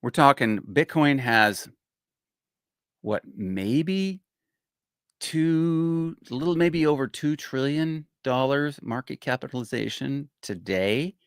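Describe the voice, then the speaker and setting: An older man hosting his own show, commenting excitedly on a clip he plays, rambling and repeating himself. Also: mid-range voice, slow, clean tone, no echo, studio quality. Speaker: host. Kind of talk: casual commentary on a played clip.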